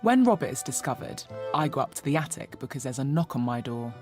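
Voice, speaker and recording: An actress playing the sly, scornful ghost of a maid, with a Cockney accent, in an audio drama. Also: female voice, very deep voice, big pitch swings, quick pace, music in the background. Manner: cheeky, scornful, chatty.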